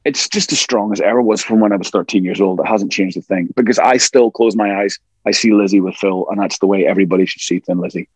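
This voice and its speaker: A man's voice: fairly low pitch, fast talker, few pauses, breathy edge, no room sound. A middle-aged man, a rock singer from Scotland, telling stories in a casual interview and acting out what people said. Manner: animated storyteller, acts out quotes.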